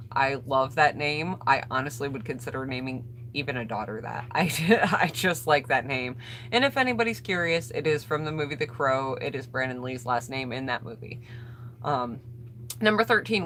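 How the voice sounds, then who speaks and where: A woman's voice: low-pitched, expressive, moderate pace, fairly bright tone, a little hiss or hum. An American woman vlogger reading out tag questions and answering them in casual chat, greeting viewers by name, while getting over a cold. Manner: chatty, reads questions aloud then answers and greets viewers. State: recovering from a cold.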